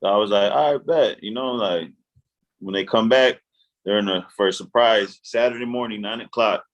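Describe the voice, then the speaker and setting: A man co-hosting a podcast, talking in a relaxed, loose way as he recounts a story. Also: fairly low pitch, moderate pace, highs cut off. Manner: relaxed, loose, stumbles and restarts. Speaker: podcast co-host. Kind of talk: casual chat.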